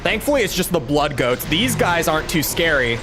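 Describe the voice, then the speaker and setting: A man's voice: on the high side, big pitch swings, moderate pace, music in the background. A young man streaming a game, telling a rambling, self-mocking story in casual chat with lots of restarts. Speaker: gaming streamer.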